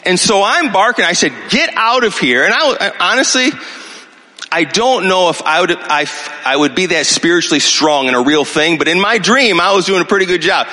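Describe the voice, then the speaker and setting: A man in his sixties preaching a sermon, telling a personal story in a conversational, animated way and checking in with his listeners. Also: sits high, brisk. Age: 60s. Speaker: pastor. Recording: long hall reverb.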